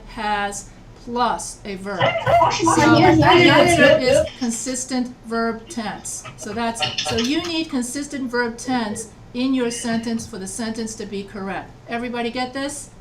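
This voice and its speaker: A woman's voice: fairly high pitch, a little hiss or hum. Patient woman instructor on a distant video call. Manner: patient, checks understanding, repeats answers. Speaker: writing instructor. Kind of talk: online class teaching.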